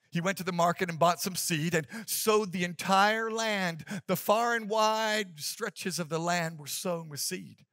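A man's voice: sits high, unhurried, hardly any pauses, a bit bright, no echo, studio quality. A man preaching a sermon as pastor, emphatic and repetitive, calling the congregation to respond.

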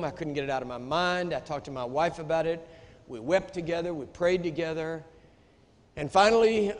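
An American man preaching a sermon, telling a story with emphatic storytelling that rises into outrage. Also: on the high side. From United States. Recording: echoey hall.

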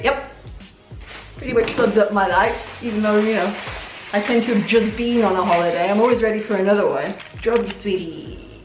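A young woman vlogger chatting excitedly while unboxing gifts, gushing often, her voice a little hoarse. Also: medium pitch, fairly quick, reverberant, faint music behind. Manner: excitable, gushing, many oh my gods. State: voice going hoarse. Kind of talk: casual unboxing chat.

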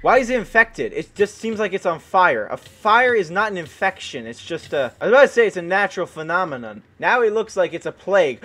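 A man hosting gameplay commentary, excitable and dramatic, often yelping and exclaiming with joking mock outrage. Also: high-pitched, a little fast, hardly any pauses. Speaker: gaming video host.

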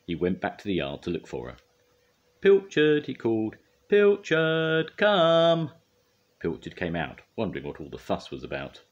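An older man reading a children's storybook aloud in a gentle, expressive way. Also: rumbling low, fast talker, hardly any pauses, breathy edge, muffled recording.

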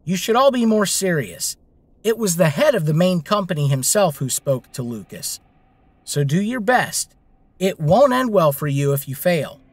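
A man's voice: fairly high pitch, expressive, normal speed, no room sound. A man reading a story voices a serious female manager addressing her staff. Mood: stern. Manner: firm, serious. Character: stern female boss keeping staff in line.

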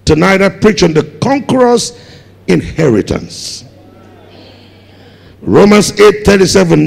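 A Ghanaian man preaching a sermon as pastor, building up to shouted emphasis on key words. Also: high voice, animated, measured pace, gravelly, pauses often. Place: large church hall. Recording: long hall reverb.

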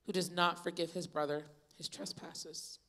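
A young woman preaching a youth sermon, retelling Bible stories in a lively, casual storytelling way. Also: fairly low pitch, moderate pace. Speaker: youth pastor. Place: church youth service.

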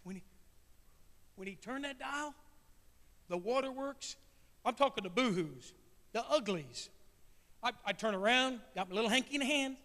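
A Midwestern American man preaches to his congregation, his voice sitting fairly high as he talks in a plain, folksy, emotional way. He asks the crowd questions and speaks to them directly. The sound carries the long echo of a church sanctuary. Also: brisk, bright, forceful tone. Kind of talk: sermon.

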